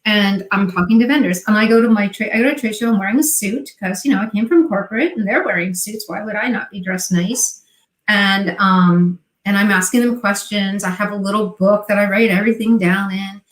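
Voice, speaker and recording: A woman's voice: mid-range voice, a little fast. A middle-aged woman, a guest on an interview show, telling her story and acting out remembered dialogue in quoted voices. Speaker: guest, online seller. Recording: echoey room sound.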